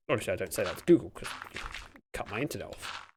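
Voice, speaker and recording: A man's voice: fairly low pitch, animated, quick pace, noisy background. A man chatting casually on a game livestream at home, rambling and reacting to his viewers. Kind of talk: casual gaming livestream chat. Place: room at home by a window.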